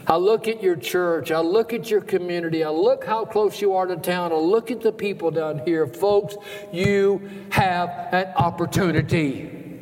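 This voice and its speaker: A man's voice: high-pitched, unhurried, a little mellow. A man preaching an emotional sermon as a guest preacher, repeating words in a rising and falling emphatic cadence. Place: church sanctuary. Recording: long church reverb, faint ambience.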